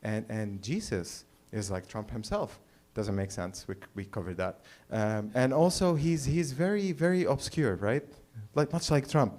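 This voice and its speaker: Brief: male stand-up comic from the Middle East, dry and hesitant, mid-pitched, open mic set. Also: darkish tone. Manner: halting and dry, full of uh and like. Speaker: stand-up comedian. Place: small live comedy venue.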